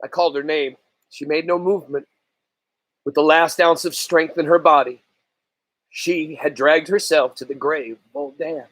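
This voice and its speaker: A man reading a novel aloud in a slow, earnest storytelling manner. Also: a little high, steady tone, fairly bright tone, dry recording. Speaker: reader.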